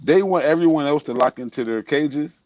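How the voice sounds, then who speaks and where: A man's voice: on the high side, fairly quick, darkish tone, no room sound, highs cut off. A man in a political discussion telling a personal story, casual and emphatic.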